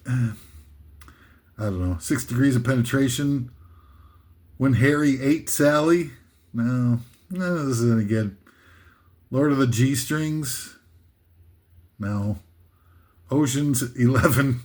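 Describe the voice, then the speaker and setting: An older man reading a comic list in a rambling, deadpan monologue, with many fillers and restarts. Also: medium pitch. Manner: reads titles flatly, laughs at his own jokes, many fillers and restarts.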